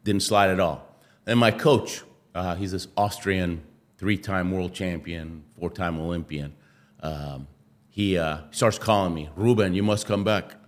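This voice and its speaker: A man's voice: deep voice, a little slow. A man, a former athlete and interview guest, telling stories animatedly and acting out what others said. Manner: animated, acts out quotes, laughs often. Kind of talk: storytelling interview.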